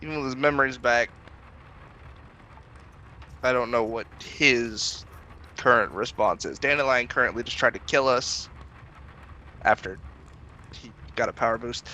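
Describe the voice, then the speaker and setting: A man's voice: medium pitch, unhurried, pauses often, bright, forceful tone, slight background noise, rough recording. A man playing a tabletop game in character, rambling through plans, swearing and laughing often.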